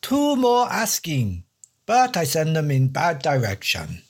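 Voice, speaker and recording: A man putting on a blunt Norwegian boatman who talks in broken English, with a put-on Norwegian accent. The voice sits high and swoops up and down. He speaks in slow, terse phrases. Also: wildly swooping pitch, heavily acted. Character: gruff Norwegian villager and boatman, blunt, plainspoken.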